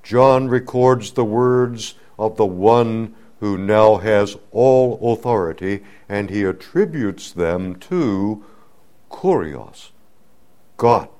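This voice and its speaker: A man preaching a sermon, teaching slowly and deliberately, building to emphatic swells on key words. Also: fairly low pitch, a little mellow.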